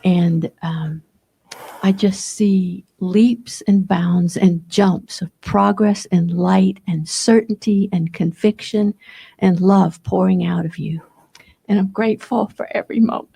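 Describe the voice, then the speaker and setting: Husky gravelly woman, heartfelt. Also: medium pitch, fairly even intonation, slow pace, dark tone. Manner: hesitant, heartfelt. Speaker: audience member. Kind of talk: heartfelt tribute.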